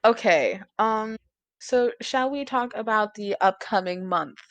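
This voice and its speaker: Young female co-host, casual and sweary, giggly, mid-pitched, dry close mic. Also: expressive, unhurried, dry recording. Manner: chatty, swears freely, laughs often. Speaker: podcast co-host. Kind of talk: casual chat.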